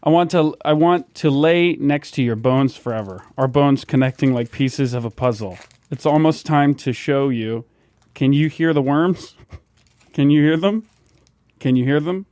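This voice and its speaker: A man voicing a creepy, obsessive schoolboy admirer in a comedic improv bit. He speaks in a low, hushed, menacing way and keeps repeating his questions. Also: measured pace, no echo, lightly acted. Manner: repeats questions with growing insistence. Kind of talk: comedic improv role-play.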